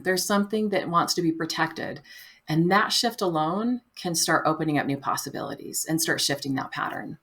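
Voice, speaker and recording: A woman speaks as a podcast guest, with a voice pitched a little low for a woman. She talks in a gentle, reflective way and slips into playful quoted inner voices. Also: breathy edge. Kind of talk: conversational interview.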